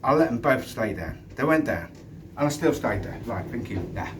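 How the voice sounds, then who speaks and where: A middle-aged Englishman, once a doorman, tells a fight story bluntly and swears freely, in stops and starts. He is recorded outdoors and sits well back from the mic. Wind rushes across it. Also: mid-range voice, animated. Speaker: former doorman. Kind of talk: casual storytelling to camera. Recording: distant mic with wind noise.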